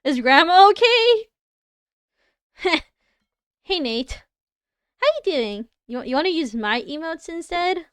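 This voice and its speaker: A woman's voice: high-pitched, animated, unhurried, long pauses, no echo, studio quality. A young woman with a Canadian accent, chatting casually and giggling as she reacts to viewers on a livestream. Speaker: livestreamer reviewing design work.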